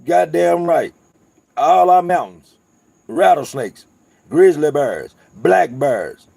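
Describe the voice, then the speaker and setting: A slightly high, dark, gravelly voice speaks slowly and expressively, with no room sound. It belongs to a North Carolina man with a Southern accent who hosts his channel, cursing casually and rambling through stories on a livestream.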